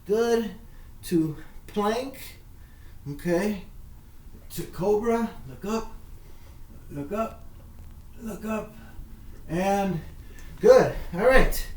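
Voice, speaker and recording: A man coaches children through yoga poses with slow, encouraging, repeated cues. His voice sits a little high. He is recorded from a distance in an echoey room with faint background noise. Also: animated. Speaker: kids' yoga instructor. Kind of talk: guided workout instruction. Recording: echoey room, mic far off.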